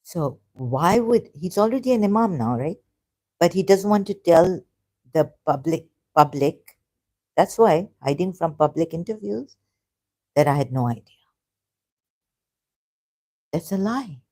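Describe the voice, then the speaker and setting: A woman vlogging about religion to camera, hesitant and halting with many restarts, earnest and openly frustrated. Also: fairly low pitch, lively intonation, warm tone. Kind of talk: unscripted talk to camera.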